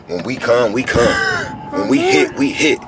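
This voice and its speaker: A video commentator delivers a casual monologue to his viewers, animated and slangy, repeating himself and frequently calling out to them. His mid-range voice moves at an unhurried pace, and the recording is very noisy.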